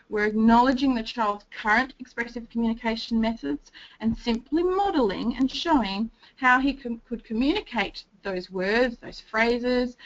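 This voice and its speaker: Woman presenter for a training talk, slightly raised pitch and a gravelly edge, on a dull lo-fi recording. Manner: explains steadily, acting out gentle sing-song phrases to a child.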